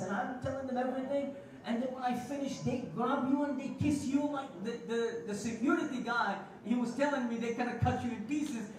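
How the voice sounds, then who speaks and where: A man delivers a passionate Friday sermon, slipping phrases into his stories. His voice sits very high for a man. He is heard from a distance in a large mosque hall with strong echo. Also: darkish tone. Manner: passionate, storytelling, mixes Arabic phrases. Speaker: preacher. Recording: echoey hall, voice from far off.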